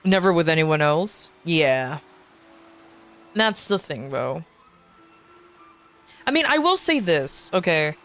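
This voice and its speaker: This young adult woman streams games as a VTuber, her low voice very animated yet slow, with long pauses and a slightly bright tone. Her casual chat is blunt and full of swearing, laughter, and mocking impressions of others.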